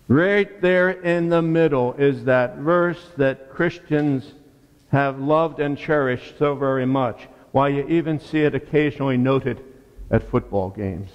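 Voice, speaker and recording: A man preaching a sermon as pastor, deliberate and emphatic, with rhetorical questions and repeated words. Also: on the high side. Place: church sanctuary. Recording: long church reverb.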